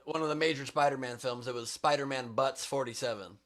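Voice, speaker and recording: A man's voice: medium pitch, brisk, fairly bright tone. A man asking teasing questions and cracking jokes in a casual video call chat.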